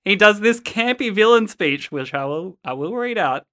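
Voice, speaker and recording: Brief: podcast co-host, man, slightly high, bright tense tone, giggly. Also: lively intonation, moderate pace. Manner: giggly, upbeat, laughs often. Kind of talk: casual chat.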